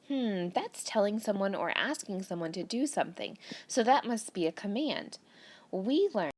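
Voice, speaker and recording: Here a woman teacher with a mid-range, slightly dark voice and lively intonation speaks at normal speed. She patiently takes young students through a grammar worksheet, reading sentences aloud and explaining each step, in a recorded lesson for children.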